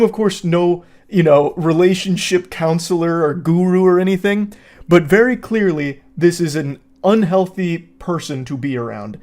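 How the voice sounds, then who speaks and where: A man hosting a reaction commentary, sitting a little higher in pitch than most men. He is sarcastic and exasperated, and he swears freely as he tears into the messages he reads aloud. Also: a little mellow. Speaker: commentary host.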